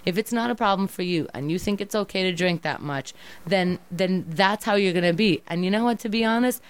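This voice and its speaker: A woman's voice: medium pitch, clean tone. A woman arguing with her boyfriend in a heated back-and-forth, exasperated and sometimes mocking. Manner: exasperated, rapid-fire, mocking impressions. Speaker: girlfriend in a couple's argument. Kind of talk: heated couple argument.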